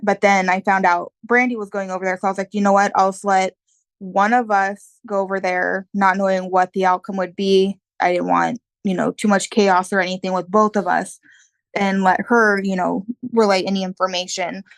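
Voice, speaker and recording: A woman's voice: mid-range voice, level tone, moderate pace, dry recording. A woman telling her story as an interview guest, in plain, earnest, casual talk with some fillers.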